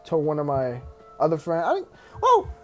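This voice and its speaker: A man's voice: on the high side, wildly swooping pitch, normal speed, darkish tone, soft background music. A young man rambles through a casual story time, stumbling over restarts and fillers. He laughs often as he talks.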